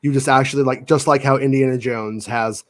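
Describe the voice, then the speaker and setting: A man in casual podcast chat, talking animatedly in quick bursts with frequent restarts. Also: mid-range voice, fairly even intonation. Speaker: podcast co-host.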